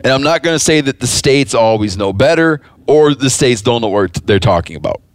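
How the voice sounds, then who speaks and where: Male podcast host, mid-pitched, loose rambling delivery with restarts, dry close mic. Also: lively intonation, brisk, no room sound. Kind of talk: casual podcast talk.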